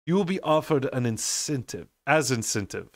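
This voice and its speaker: A man voicing a steely, curt woman debt collector who speaks in a low, clipped tone. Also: expressive, moderate pace, no echo, studio quality, natural voice. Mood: cold.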